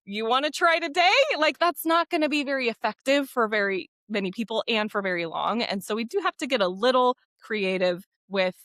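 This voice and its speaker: A woman's voice: on the high side, expressive, fairly quick, hardly any pauses, a bit bright, no room sound, clean studio sound. Rambling woman podcast co-host. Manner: rambling, self-correcting, thinks aloud. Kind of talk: casual podcast conversation.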